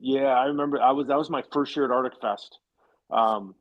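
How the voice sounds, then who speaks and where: Man with a middling voice, chatty and animated, playing out quoted lines. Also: mid-range voice, brisk, dull audio. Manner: lively, acts out quoted dialogue. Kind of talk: casual storytelling chat.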